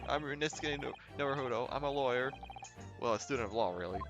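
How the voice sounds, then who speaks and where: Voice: medium pitch, animated, fast, muffled recording, music in the background, natural voice. A streamer voicing a polite young law student who answers eagerly and apologetically. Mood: flustered.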